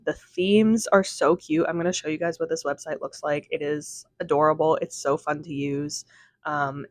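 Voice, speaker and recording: A woman's voice: sits low, no room sound. Woman, home vlogger, casual chat, rambling, frequent fillers, dry close sound. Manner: chatty, rambling, lots of fillers like "um" and "like". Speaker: vlogger and aspiring novelist. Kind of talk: casual vlog chat to camera. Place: at home, indoors.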